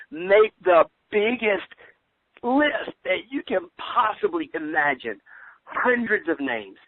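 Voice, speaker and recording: Energetic man on a tinny phone line. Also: high-pitched. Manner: energetic, pep-talk slang. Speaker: business trainer. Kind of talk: motivational training call.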